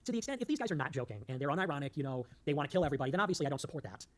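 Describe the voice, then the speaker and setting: A man's voice: on the high side, very animated, very fast. A man hosting a political show, delivering a rambling, emphatic monologue that loses its thread and cracks jokes along the way. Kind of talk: fast-talking political monologue.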